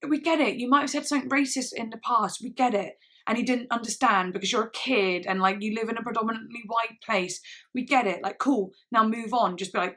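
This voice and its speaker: A woman's voice: fairly high pitch, normal speed, fairly bright tone. Earnest rambling young woman vlogger. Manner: earnest, rambling, frequent "like" and restarts. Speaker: YouTube reaction vlogger. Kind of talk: casual talk to camera.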